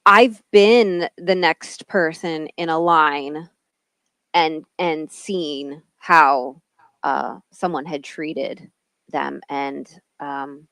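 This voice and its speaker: A woman's voice: deep voice, extremely slow, fairly bright tone, smooth, dry recording. A woman guest in a casual podcast chat, talking in a chatty way with many fillers. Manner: chatty, filler-heavy, supportive.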